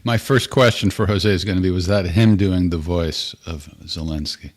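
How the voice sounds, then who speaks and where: A man's voice: sits low, normal speed. A man hosting a podcast, chatting in a rambling, conversational way. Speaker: podcast host. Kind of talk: casual chat.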